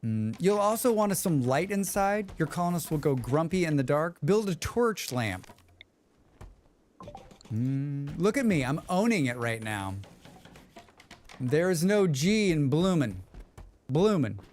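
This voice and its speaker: A man's voice: on the high side, very animated, measured pace, long pauses, a little mellow, slight background noise. A man streaming a game, chatting with his viewers in a joking, rambling way and humming to himself. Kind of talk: casual livestream chat.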